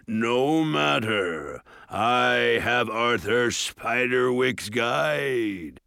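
A menacing horned ogre warlord, as a man puts him on for an audiobook, booming and drawn out. He speaks with slow, commanding scorn through a gravelly edge. The sound is close and dry. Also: expressive, pushed and bright, dry recording, full character voice. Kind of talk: audiobook character voice.

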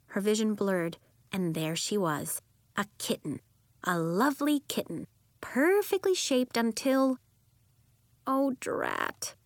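A woman reading a children's story aloud as narrator, in an expressive, animated way. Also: medium pitch, slow pace, dry recording.

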